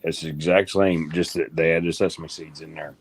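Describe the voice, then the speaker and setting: A man's voice: very deep voice, steady tone, normal speed, breathy edge. A man, hosting a homestead livestream and teasing people in casual chat. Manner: joking, ribbing others.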